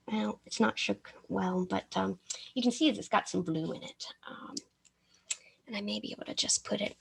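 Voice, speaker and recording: A woman's voice: medium pitch, steady tone, moderate pace, creaky, slightly rough. A woman from the American South teaching a live miniature painting class, chatty and often interrupting herself, sometimes mumbling with a brush in her mouth.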